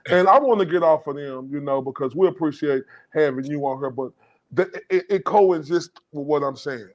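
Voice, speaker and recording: A man's voice: fairly high pitch, moderate pace. A man hosting a podcast, asking a guest long, rambling questions. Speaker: podcast host. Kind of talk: interview questions. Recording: dull lo-fi sound.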